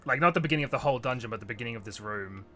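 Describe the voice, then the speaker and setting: A man's voice: mid-range voice, animated, very fast, pushed and bright, faint music behind. A man playing a video game and commenting wryly on his own mistakes, swearing casually. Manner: wry, self-mocking, swears. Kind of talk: casual let's-play commentary.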